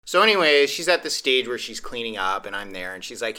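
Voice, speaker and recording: A podcast host chatting casually and telling a rambling, animated story. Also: male voice, medium pitch, brisk, hardly any pauses, clear, resonant tone.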